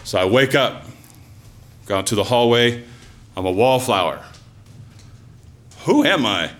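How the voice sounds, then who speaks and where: A man telling a personal story live to an audience, in an animated, conversational way with lots of asides and fillers. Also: medium pitch, a little slow. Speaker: storyteller, former teacher.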